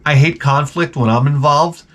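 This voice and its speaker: A man's voice: a little high, normal speed. A man hosting his own channel, telling a rambling, profane comic story and acting out the people in it. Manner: rambling, profane, with acted-out quotes. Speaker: channel host. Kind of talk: comedic storytelling rant.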